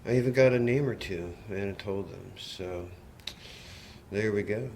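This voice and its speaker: A man's voice: on the low side, measured pace, creaky, a little mellow, slight background noise. A middle-aged man recounting a confrontation in a personal vlog, agitated and swearing often as he retells it. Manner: agitated, profane storytelling. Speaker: vlogger.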